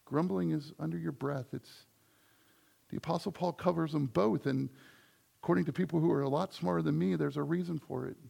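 A man's voice: a little high, steady tone, fairly quick, vocal fry, warm tone, slightly rough. A man preaching a sermon as the church's pastor, in a conversational style that builds to emphatic points.

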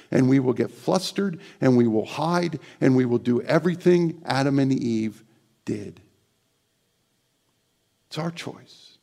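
In a church sanctuary, a middle-aged pastor preaches a sermon in a deeply gravelly, rough-edged voice pitched in an ordinary middle register. He moves between emphatic, animated stretches and a soft, prayerful hush.

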